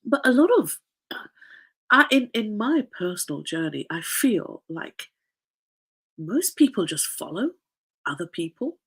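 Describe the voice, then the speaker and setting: A woman talks unhurriedly in casual podcast chat, her voice nasal and congested from a cough. The tone is husky, and her pitch swings widely as she rambles and laughs between thoughts. She speaks as a life coach reflecting on habits. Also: big pitch swings, unhurried, pauses often, fairly bright tone. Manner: rambling, chatty, laughs often.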